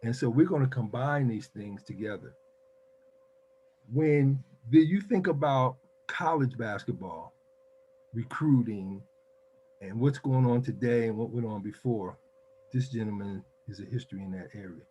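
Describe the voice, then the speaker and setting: A man's voice: mid-range voice, measured pace, warm tone, highs cut off, slight background noise. An older man from Philadelphia hosting a casual interview, introducing his guest with emphatic enthusiasm. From Philadelphia, United States. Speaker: host.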